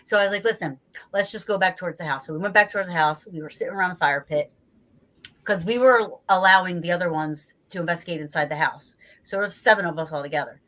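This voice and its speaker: Speaking fast, this New Jersey woman, a guest investigator in a laid-back interview, recounts a story with plenty of animation. She curses without hesitation and performs her reactions, her voice slightly low.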